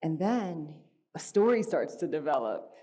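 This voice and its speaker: Lively woman speaker with a lower voice. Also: a little slow. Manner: conversational, asks the audience questions often; animated and playful, acts out a dialogue with her child. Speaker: speaker at a church gathering. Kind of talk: inspirational spoken talk with personal storytelling. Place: stage in a church hall before an audience.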